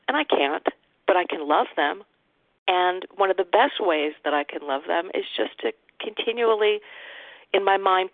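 A woman's voice: sits low, no echo. A woman sharing heartfelt reflections at a recovery meeting. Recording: tinny phone-line audio.

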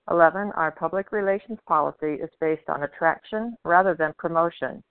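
A woman from Florida reads a numbered list at a meeting in a brisk, clear way. Her voice is smooth and crisp, and the phone line leaves it dry, thin and tinny. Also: on the low side, no echo. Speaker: meeting member. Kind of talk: reading traditions aloud. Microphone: phone call.

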